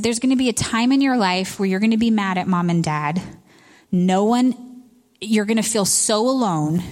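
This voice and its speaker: A woman in her thirties, a retreat speaker, giving a candid, conversational sermon and laughing at herself along the way. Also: medium pitch.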